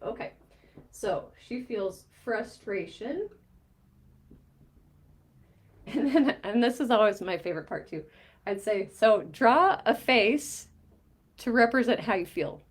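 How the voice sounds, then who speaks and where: Woman coach retelling a session. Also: mid-range voice. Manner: animated storytelling, quoting both sides of a conversation with light laughs. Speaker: mindset coach. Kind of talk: explaining a coaching diagram while recounting a session.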